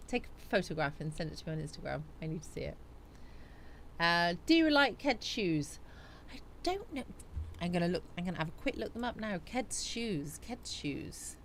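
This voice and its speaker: Lively, chatty woman streamer. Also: lowish voice, normal speed, a little hiss or hum. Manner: chatty, reads out and answers viewer comments. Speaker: live-stream host. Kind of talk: casual live chat.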